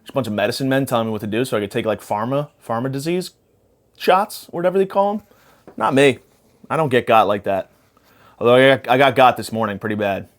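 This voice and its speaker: A young man with a mid-range, expressive voice hosts a podcast, talking quickly. Spacey after a panic attack, he rambles through a profane comedic monologue, jumping from topic to topic.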